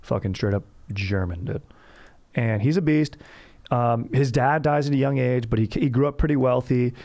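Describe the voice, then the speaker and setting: A man's voice: medium pitch, normal speed, a little mellow. A young man hosting a casual storytelling podcast, hyped and slangy, swearing casually and saying dude constantly. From Orange County, California. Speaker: podcast host.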